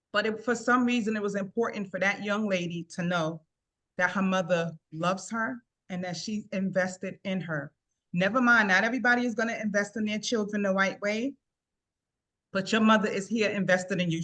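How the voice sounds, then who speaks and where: Earnest middle-aged woman retelling a story. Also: mid-range voice. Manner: repeats "I said" often, warm earnest retelling. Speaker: guest sharing a personal story. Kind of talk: casual storytelling.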